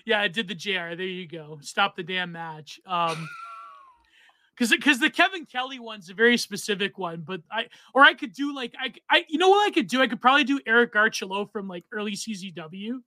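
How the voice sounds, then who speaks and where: A man's voice: high voice, expressive, brisk, bright, forceful tone, dry recording. A man co-hosting a livestreamed podcast, rambling in casual chat with lots of restarts. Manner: rambling, many fillers and restarts. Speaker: podcast co-host.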